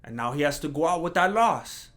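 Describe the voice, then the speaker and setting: Rambling, animated man hosting a podcast. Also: fairly quick. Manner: rambling, animated, mocks imagined critics in a higher voice. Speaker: podcast host. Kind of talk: casual solo podcast chat.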